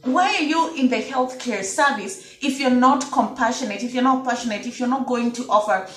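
A woman's voice: fairly high pitch, normal speed, fairly bright tone, echoey room, soft background music. A woman from Kenya talking casually to camera in an opinion vlog, emphatic and repeating her points to her viewers. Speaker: vlogger.

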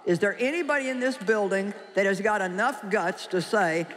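Preaching at normal speed in a mid-range voice, a woman addresses a live audience in a big hall. Her sermon is emphatic and humorous, with frequent questions to the congregation, heard through long reverb and faint crowd sounds.

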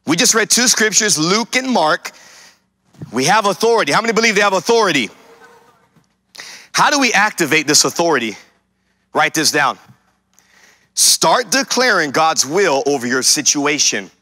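A male pastor preaches in a very bright, forward voice set fairly high for a man. He moves from conversational storytelling to forceful declarations over his listeners. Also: no echo. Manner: storytelling, then emphatic declarations. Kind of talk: sermon with personal testimony.

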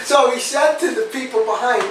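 Loud New man, echoey room. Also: extremely high pitch, a little fast, recorded from a distance. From New Jersey. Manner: loud, animated, joking storyteller. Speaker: podcast guest. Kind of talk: casual storytelling chat. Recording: roomy echo, off-mic, faint noise.

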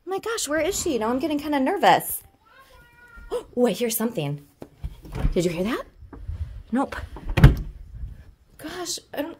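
A woman's voice: high voice, slight background noise. A woman in her thirties, a mom doing playful pretend play with her child, fussing over her like a mother with a baby in a sing-song, exaggerated way. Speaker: mom in family kids' videos.

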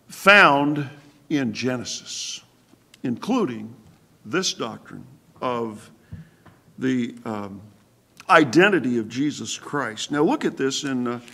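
A man pastor giving a sermon-style Bible study in a church, halting with fillers and asking the congregation questions. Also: medium pitch, sharp tone. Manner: halting, many fillers and restarts.

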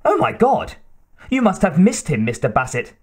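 A man voicing a frantic, excitable male servant in an audiobook, with a shrill, breathless delivery. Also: moderate pace, husky, heavily acted. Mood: shocked.

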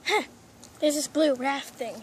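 A woman voicing an excitable female plush pet toy who panics easily, with dramatic shrieks and pleading, in a toy role-play video. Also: sits high, a little slow, slight background noise. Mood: gleeful.

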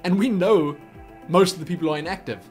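Man, fairly high voice, casual rambling chat, self-deprecating, webcam mic, faint music behind. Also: fairly quick. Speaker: channel host answering viewer questions. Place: at a home computer. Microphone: webcam microphone.

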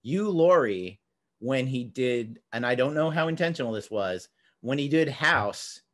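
A middle-aged man with a New Jersey accent hosts a relaxed podcast conversation. His voice sits at an ordinary middle pitch. He rambles a little and drops into wry asides. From New Jersey, USA. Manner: chatty, jokey, slips into quick impressions. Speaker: podcast host. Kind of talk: casual conversation.

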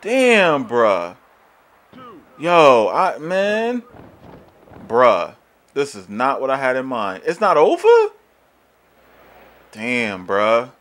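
A man's voice: medium pitch, big pitch swings, extremely slow, long pauses, fairly bright tone. A young man giving profane, frustrated let's-play commentary on a wrestling video game, ranting and swearing as he plays. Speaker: gaming YouTuber.

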